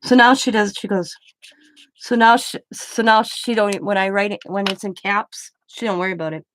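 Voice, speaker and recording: A woman's voice: mid-range voice, steady tone, normal speed, fairly bright tone. A middle-aged woman hosting a crafting livestream, chatting in a rambling, self-deprecating way while she works. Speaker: craft channel host.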